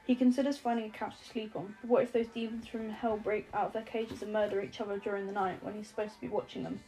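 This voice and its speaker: A woman's voice: medium pitch, level tone, fast talker, hardly any pauses, dark tone, faint music behind, low-quality recording. A woman narrating an audiobook with a wry, lightly comic delivery. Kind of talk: scripted narration.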